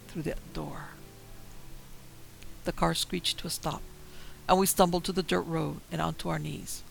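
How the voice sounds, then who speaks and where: A man giving tense, measured first-person horror story narration. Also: fairly high pitch, creaky, fairly bright tone, a little hiss or hum, low-quality recording.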